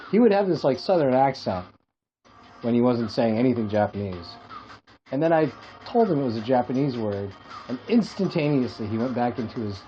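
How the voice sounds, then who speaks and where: A man from Hawaii co-hosting a podcast, telling rambling comic stories in casual chat and laughing at his own jokes. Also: medium pitch. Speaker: podcast co-host. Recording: dull lo-fi podcast audio with faint music.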